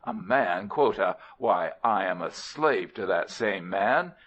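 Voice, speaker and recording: A man's voice: deep voice, animated, slow pace, a bit bright, full character voice. A man voicing a grumpy old male camel who sneers and grumbles in a scornful storybook voice. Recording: dull lo-fi recording.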